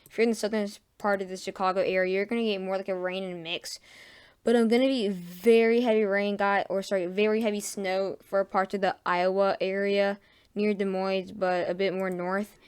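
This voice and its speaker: Woman, amateur forecaster, clear tone with little pitch movement, hesitant and self-correcting delivery. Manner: halting, frequent fillers and self-corrections. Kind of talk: casual weather forecast over radar maps.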